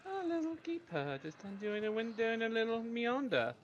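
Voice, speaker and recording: A man's voice: very high-pitched, very animated, moderate pace, highs cut off, a little hiss or hum. A man co-commenting on a game, joking around and making silly sound effects. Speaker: co-streamer. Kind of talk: casual gameplay commentary.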